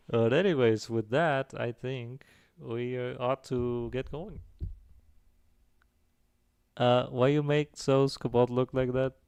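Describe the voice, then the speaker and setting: A man hosting a casual stream chat, joking and laughing often, with halting restarts. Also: medium pitch, steady tone, a little mellow, clear, resonant tone. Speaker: stream host.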